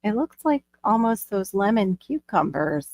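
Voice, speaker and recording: A woman's voice: medium pitch, big pitch swings, measured pace, darkish tone, a little hiss or hum. A woman hosting a live stream, chatting casually and bubbly, laughing easily. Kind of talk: casual chat.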